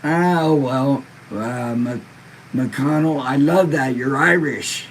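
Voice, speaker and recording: A man's voice: medium pitch, slow, slight background noise, low-quality recording. A laid-back man hosting a live-stream podcast, stoned and in pain, reading viewer comments in a rambling, profane way. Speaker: livestream podcast host.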